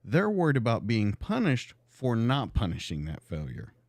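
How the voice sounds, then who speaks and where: A man's voice: mid-range voice, wildly swooping pitch, moderate pace, a little mellow, no room sound. A man hosting a live podcast, asking long, winding questions of his guest. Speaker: podcast host.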